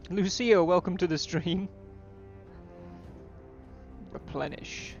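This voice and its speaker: A man's voice: sits high, slow pace, vocal fry, dull audio, soft background music. A man on a live game stream, casually thinking aloud about his moves.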